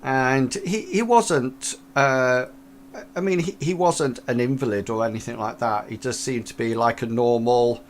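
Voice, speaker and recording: A man's voice: mid-range voice, measured pace, slight background noise. A man running a tabletop role-playing game as game master, rambling with many fillers and restarts.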